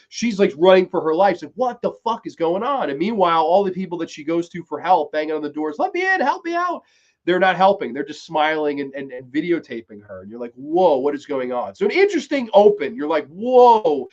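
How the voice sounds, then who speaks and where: A man hosting a live-streamed TV review, talking casually, swearing freely and excitedly retelling scenes. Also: a little high. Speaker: podcast host reviewing a TV series. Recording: dull lo-fi stream audio.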